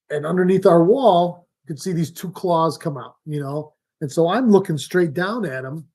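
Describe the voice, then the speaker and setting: Middle-aged guy rambling on a fishing stream, pitched a bit high, lots of ums and easy laughs. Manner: relaxed rambling storyteller with frequent fillers and laughs. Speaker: fishing show host. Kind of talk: casual live-stream chat.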